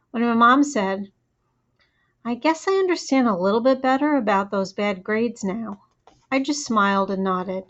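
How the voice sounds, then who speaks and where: A woman narrates a first-person audiobook in a plain, steady manner. Her voice sits a little high, and the lo-fi recording sounds dull and muffled.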